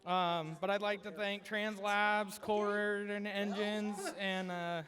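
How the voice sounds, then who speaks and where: A man race driver speaking haltingly and emotionally after a race. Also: high-pitched, level tone, crowd noise.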